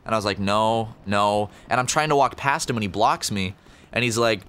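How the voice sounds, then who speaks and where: A man's voice: mid-range voice, lively intonation, fast, pushed and bright. A young man chatting on a podcast, telling a rambling story with lots of fillers and swearing. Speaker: podcast co-host. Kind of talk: casual storytelling chat.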